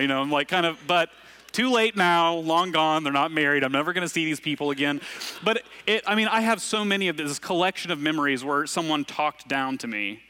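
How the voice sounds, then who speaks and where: A man from Arkansas preaches in an easy, conversational way. His voice sits a bit high and sounds bright and forward. He tells stories with self-deprecating asides. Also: animated, fairly quick, clean tone. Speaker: pastor. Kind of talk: conversational sermon.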